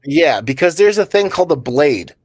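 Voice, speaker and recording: A man's voice: on the high side, big pitch swings, normal speed, dry recording. A man co-hosting a comedy podcast, telling rambling workplace stories and laughing at his own jokes. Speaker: podcast co-host. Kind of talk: casual comedic storytelling.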